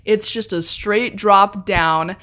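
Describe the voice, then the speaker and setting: A woman's voice: medium pitch, steady tone, slow pace, a bit bright. A woman in casual chat telling a ghost story, laughing often, swearing freely and acting out what people said.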